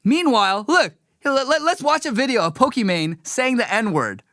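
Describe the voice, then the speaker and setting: A man hosting a live commentary show, talking in an animated, sarcastic way. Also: extremely high pitch, moderate pace, dry recording. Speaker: show host.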